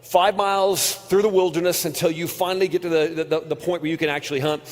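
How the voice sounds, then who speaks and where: Male preacher, fairly high voice, earnest storyteller, long hall reverb. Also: flat delivery, quick pace. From United States. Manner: earnest storytelling, drops quiet on painful moments. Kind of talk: conference sermon with personal story. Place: large hall.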